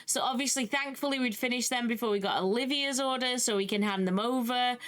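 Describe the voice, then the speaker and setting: A young British woman giving casual, animated commentary on a video game she is playing, with exasperated asides. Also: fairly high pitch, brisk. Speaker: gaming YouTuber. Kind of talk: casual let's-play commentary.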